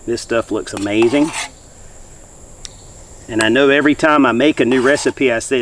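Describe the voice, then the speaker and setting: A man's voice: mid-range voice, normal speed, slight background noise. A man hosting an outdoor cooking show, talking to viewers in a folksy, upbeat way from a campfire in the woods. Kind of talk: enthusiastic cooking vlog.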